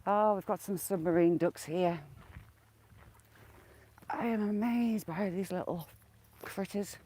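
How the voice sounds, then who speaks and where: A woman talks her way along a lakeside walk in a relaxed, running commentary. Her voice sits mid-range, and she keeps breaking off to call affectionately to the ducks around her. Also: medium pitch, slow pace, breathy edge. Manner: chatty, coos and calls out to the ducks. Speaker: vlogger. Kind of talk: casual walk-and-talk commentary. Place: outdoors by a lake.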